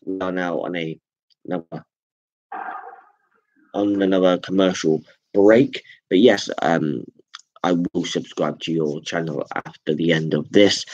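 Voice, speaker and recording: A man hosting a live reaction stream, calling wrestling moves with excited jumps and chatting to his viewers. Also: sits low, dull audio. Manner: chatty, thanks viewers directly.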